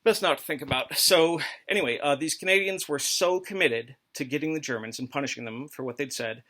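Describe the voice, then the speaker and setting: A man's voice: fairly high pitch, a little fast, pushed and bright. A man hosting a comedic history talk, rambling and mock-authoritative with crude jokes. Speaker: host.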